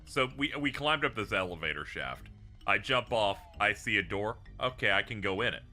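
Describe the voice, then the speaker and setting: A man's voice: lowish voice, animated, normal speed, sharp tone, faint music behind. A man streaming a game, chatting casually with lots of laughing and swearing. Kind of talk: casual gaming stream chat.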